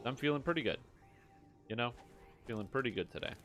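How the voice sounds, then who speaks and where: A man's voice: mid-range voice, expressive, quick pace, a bit bright, faint music behind. A man streaming a game, chatting casually, joking around and answering his chat in a rambling way. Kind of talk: casual gameplay commentary.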